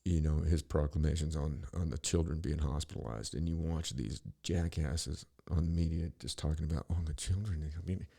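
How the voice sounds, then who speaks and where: A man's voice: rumbling low, normal speed, gravelly, hardly any pauses, warm tone. A middle-aged man hosting a podcast, ranting in a rambling, profane, sarcastic monologue full of restarts. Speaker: podcast host.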